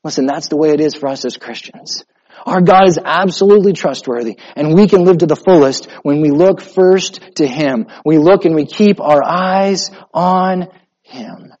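A man's voice: a little high, moderate pace, muffled recording. Man preaching with rising, falling intensity. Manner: preaching, swinging from loud emphatic to soft and hushed. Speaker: pastor. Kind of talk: sermon.

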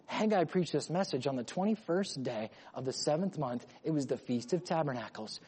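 A man preaching an emphatic sermon, rising to urgent loud lines and then dropping to quiet ones. His voice sits high for a man. A long reverb from a large hall trails every phrase. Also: lively intonation, moderate pace, husky. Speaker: pastor.

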